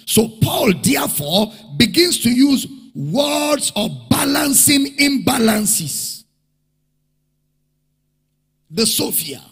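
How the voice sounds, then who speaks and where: A male preacher with a high, lively voice that climbs and falls widely as he teaches, unhurried and emphatic. His tone is gravelly and husky, and it carries with a long reverb through a large church hall. He repeats key phrases and draws responses from the congregation. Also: soft background music. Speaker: pastor. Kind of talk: sermon.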